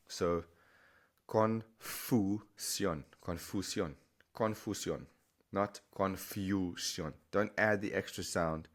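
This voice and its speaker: A man with a deep, low voice explains Spanish vocabulary patterns in a relaxed, chatty way. He often pauses to say a word slowly and repeat it several times so learners can hear the stress. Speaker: Spanish language teacher. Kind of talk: explanatory language lesson.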